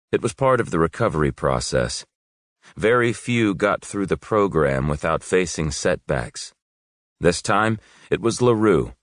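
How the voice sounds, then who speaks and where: A man reading a thriller audiobook in a steady, measured storytelling voice. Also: deep voice, dry recording, clean studio sound. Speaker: audiobook narrator. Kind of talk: scripted narration.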